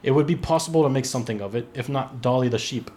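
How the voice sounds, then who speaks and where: A man putting on a Russian accent to play a stern male defense official, clipped and quick. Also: medium pitch, warm tone, close to an everyday voice. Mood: solemn. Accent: put-on Russian.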